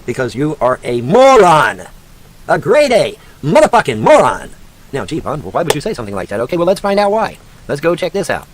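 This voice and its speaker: A man in full rant, swearing freely and hurling insults in a fairly high voice that leaps up and down. He talks down like a scornful teacher quizzing a class, his pitch jumping with every jab. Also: wildly swooping pitch, a little fast, a little hiss or hum. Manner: profane, mocking, shouting insults at a named woman; sarcastic, lecturing like a teacher. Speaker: online commentator. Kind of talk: angry rant.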